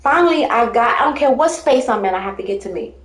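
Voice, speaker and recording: A woman's voice: a little high, lively intonation, quick pace, reverberant, a little hiss or hum. A woman telling her life story in casual talk, rambling and emphatic, often breaking into laughter.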